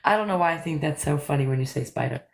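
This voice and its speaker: A woman's voice: sits low, lively intonation, creaky. A middle-aged woman chatting casually on a live stream, giggly and ribbing her friend. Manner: giggly, ribbing, quick to laugh.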